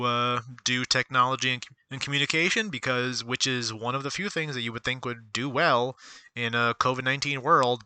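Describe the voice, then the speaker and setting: Bright, crisp-voiced man streaming stock picks. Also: medium pitch, no echo. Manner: rambling, self-correcting, talks to himself while reading aloud. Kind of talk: casual live-streamed commentary.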